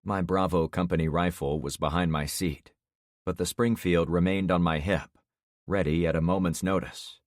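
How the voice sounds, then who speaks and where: A man reading a first-person audiobook in a steady, measured way. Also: deep voice, no room sound, studio quality. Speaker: audiobook narrator. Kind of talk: scripted first-person narration.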